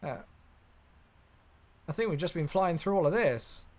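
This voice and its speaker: A man's voice: a little high, animated, unhurried, darkish tone. A young man chatting casually on a live stream while flying a simulator, reacting aloud and answering viewers. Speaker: flight sim streamer.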